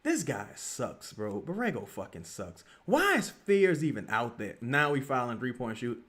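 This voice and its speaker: Young guy cursing at the game live, aave, voice jumping high and low, heated. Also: big pitch swings, unhurried. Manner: profane, frustrated ranting with sudden loud outbursts. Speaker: streamer reacting to a live game. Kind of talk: live game reaction, watch-along.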